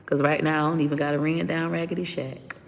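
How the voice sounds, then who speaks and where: Blunt woman with heavy vocal fry. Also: sits low, little pitch movement, fast, big-room sound, a little hiss or hum. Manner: blunt and profane, vents openly. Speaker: interview guest. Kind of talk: candid personal storytelling.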